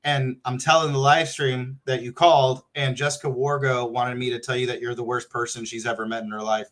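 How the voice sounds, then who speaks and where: A man hosting a casual livestream, talking in an excitable, joking and profane way. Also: medium pitch, brisk. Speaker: livestream host.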